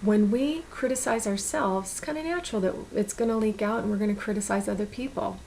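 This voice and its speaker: Gravelly-voiced woman giving encouraging advice. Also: mid-range voice, brisk, darkish tone, a little hiss or hum, low-quality recording. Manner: earnest, encouraging, repeats words. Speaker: self-help vlogger. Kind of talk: casual motivational talk to camera.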